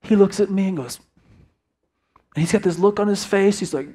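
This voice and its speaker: A middle-aged man preaching a sermon, telling a family story with lively acted-out dialogue before a quiet prayer. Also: high-pitched, fairly quick, long pauses. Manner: animated storyteller acting out family dialogue, then hushed prayer. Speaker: pastor.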